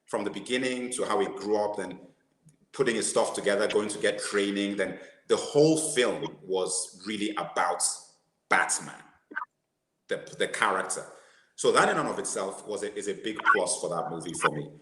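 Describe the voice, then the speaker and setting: A man with a lowish voice talks casually about films, animated and quick to laugh at his own jokes. He often restarts his sentences mid-thought. The room around him is roomy and echoey. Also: a little hiss or hum. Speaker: podcast co-host. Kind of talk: casual movie discussion.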